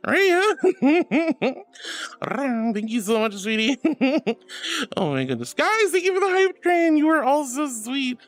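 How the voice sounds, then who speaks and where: A woman's voice: high-pitched, expressive, slow, faint music behind. A woman streaming from home, chatting casually with her viewers in a bubbly, affectionate, giggly way. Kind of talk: casual livestream chat reading comments.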